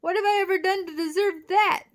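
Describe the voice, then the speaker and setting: Lady reading as a high whiny giant slug, smug n indignant, storybook. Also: expressive, moderate pace, close to an everyday voice. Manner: indignant, yelping in pain. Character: pompous whiny giant slug, self-pitying.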